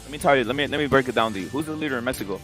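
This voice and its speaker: Give me a man talking fast on a livestream, interrupting and repeating himself. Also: mid-range voice, fairly bright tone, faint music behind. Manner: interjecting, repetitive, says "bro" constantly. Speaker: livestream co-host. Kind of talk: heated livestream discussion.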